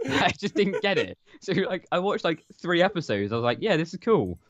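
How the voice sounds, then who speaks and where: A man's voice: high-pitched, sing-song, normal speed, a bit bright, dry recording. A man co-hosting a casual podcast, sardonic and sweary, acting out little quotes as he talks. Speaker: podcast co-host. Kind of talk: casual chat. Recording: dull lo-fi mic.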